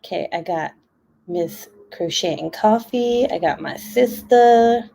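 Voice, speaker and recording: A woman's voice: medium pitch, slow, vocal fry, warm tone, a little hiss or hum. Giggly chatty woman livestreaming. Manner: giggly, chatty, laughs often. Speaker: craft livestream host. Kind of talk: casual livestream chat.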